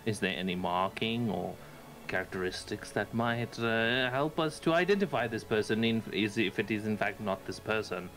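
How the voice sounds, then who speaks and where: A man's voice: on the low side, moderate pace, fairly bright tone, natural voice. A man playing a cautious, formal adventurer in a tabletop game, choosing stiff and proper words.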